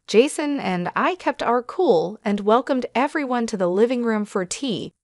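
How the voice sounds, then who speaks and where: A woman narrates a scripted first-person story in a steady, measured way. Her voice sits at a middle pitch and sounds dry and close, with no room echo.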